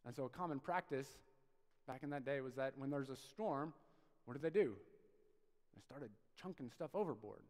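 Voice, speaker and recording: A male pastor preaching a sermon, conversational and animated, swinging from loud bursts to soft asides. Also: mid-range voice, moderate pace, long pauses, in a large hall. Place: church sanctuary.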